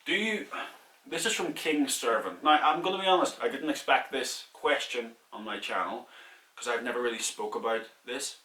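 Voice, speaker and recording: A man's voice: mid-range voice, normal speed, bright, forceful tone, echoey room, far from the mic. A young Irish man casually answering viewer questions in a vlog, candid and chatty, laughing at himself.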